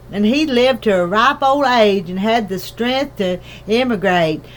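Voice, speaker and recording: Fretful little mother borrower, fussy and dramatic, pitched high and read slow, a woman reading. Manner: fussing, dramatic, easily upset. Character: fretful tiny mother borrower, anxious and tearful.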